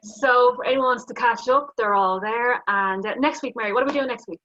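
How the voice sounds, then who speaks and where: A woman's voice: on the high side, brisk, bright, forceful tone, slight background noise. A woman who interviews a coach in a friendly, chatty way and asks prompting questions. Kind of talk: casual chat. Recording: dull lo-fi sound.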